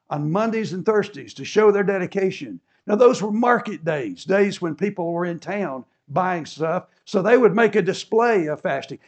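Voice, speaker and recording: A man's voice: high-pitched, dull audio. A man preaching a sermon, explaining scripture and acting out the people in it with rising fervor. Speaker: pastor.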